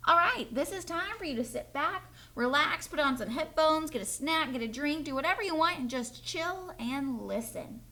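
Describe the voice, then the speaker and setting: A woman teacher reading a children's chapter book aloud to her students, in a friendly, animated storytelling way. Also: high-pitched, normal speed, hardly any pauses.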